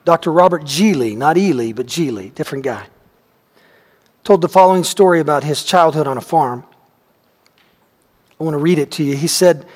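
A male preacher delivers an earnest sermon in a church, letting phrase endings drop soft and quiet. His voice is somewhat high for a man, and a long reverb rings through the room. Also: moderate pace, pauses often, breathy edge. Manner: earnest, trailing off softly at phrase ends. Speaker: pastor. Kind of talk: sermon with a read story.

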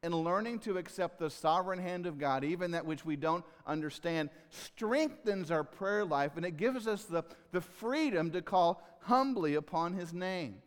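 Pastor preaching in a reverberant hall. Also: male voice, expressive, normal speed, few pauses, smooth. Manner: earnest, swells loud on key phrases and drops low. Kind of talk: sermon.

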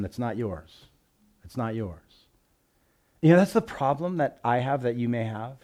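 Preaching man reading scripture aloud. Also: medium pitch. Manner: swings from loud scripture reading to quiet reflective asides; reads Bible passages aloud with emphasis. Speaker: pastor. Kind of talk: sermon.

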